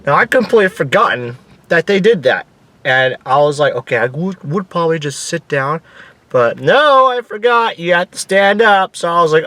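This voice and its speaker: Young male vlogger, excitable storyteller, lively and fairly high voice. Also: fairly quick, dry recording. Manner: excitable, animated, swears casually, acts out his own screams. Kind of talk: casual storytelling.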